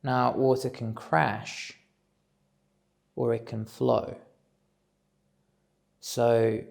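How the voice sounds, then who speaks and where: A man at home giving a reflective solo talk, measured and musing as he thinks aloud. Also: mid-range voice, fairly even intonation, gravelly, a little mellow. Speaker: speaker on self-development.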